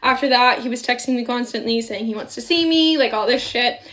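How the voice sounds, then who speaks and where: A woman's voice: on the high side, brisk, a bit bright. A young woman casually telling a dating storytime, chatty and loose with fillers. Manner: chatty, full of fillers and laughs.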